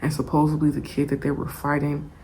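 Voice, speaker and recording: A young woman telling a story in a casual storytime vlog, animated and profane, laughing often. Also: deep voice, a little fast, slight background noise.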